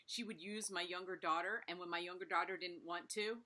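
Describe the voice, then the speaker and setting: A middle-aged woman hosting an interview, chatty and quick to laugh. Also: fairly low pitch, steady tone, bright, forceful tone. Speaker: interview host. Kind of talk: casual interview chat.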